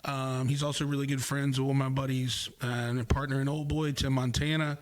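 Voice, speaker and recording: A man's voice: medium pitch, little pitch movement, brisk. A man hosting a podcast in casual chat, laid-back, laughing often and swearing. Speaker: podcast host.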